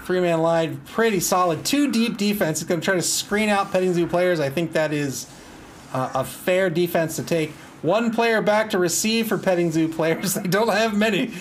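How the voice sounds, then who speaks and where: A man's voice: high-pitched, normal speed, slight background noise. A man doing casual play-by-play commentary on a match. He laughs often, is wry and self-amused, and groans in mock despair at the plays.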